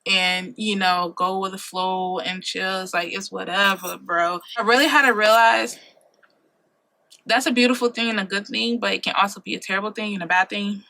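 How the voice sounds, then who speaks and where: A woman's voice: medium pitch, steady tone, normal speed, vocal fry, pushed and bright. A woman in her late twenties giving earnest life advice in a casual vlog, repeating her key points for emphasis and tossing in slangy asides. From Ohio, USA. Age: late 20s. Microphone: compact camera mic.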